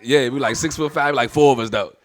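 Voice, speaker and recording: A man's voice: mid-range voice, quick pace. A man in his thirties doing a stand-up comedy set, brash and swearing, acting out the people in his stories.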